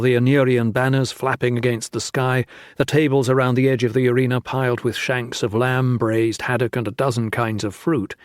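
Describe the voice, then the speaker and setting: A man narrates a fantasy novel in a steady, measured manner. His voice sits in an ordinary middle range. The recording is close and very dry, with no room sound. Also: mid-range voice, no echo. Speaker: audiobook narrator. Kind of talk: scripted audiobook narration.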